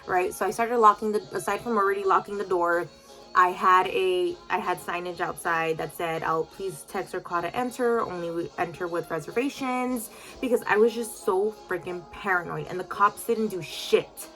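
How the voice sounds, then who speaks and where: Chatty woman, bright voice, soft music. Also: on the low side, normal speed. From United States. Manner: emotional, chatty, lots of "like" and fillers. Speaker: boutique owner telling a story to followers. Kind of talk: casual storytime vlog.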